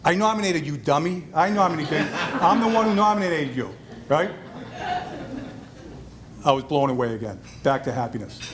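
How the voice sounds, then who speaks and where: With a medium-pitched voice and slight noise in the background, a man recounts a self-deprecating tale during his hall of fame acceptance speech at a restaurant event. He plays the parts of the people in the story by imitating their voices.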